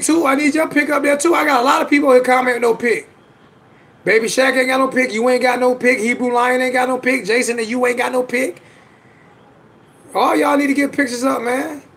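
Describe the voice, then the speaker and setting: Brief: high-pitched adult man, livestream host, emphatic and repetitive, casual slangy delivery. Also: fairly bright tone. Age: adult with children. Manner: emphatic, repeats himself, slangy.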